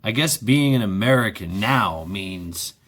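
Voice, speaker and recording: A man's voice: lowish voice, lively intonation, measured pace, fairly bright tone, slightly rough. Guy ranting into his vlog, sarcastic, cussing, repeats himself, voice jumps up and down a lot. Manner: sarcastic, repetitive, swears freely; rhetorical questions. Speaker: vlogger. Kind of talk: ranting monologue.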